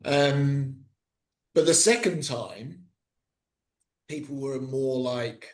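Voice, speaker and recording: A middle-aged man, a podcast guest, speaking casually with many pauses, fillers and restarts. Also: mid-range voice. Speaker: guest, cricket coach.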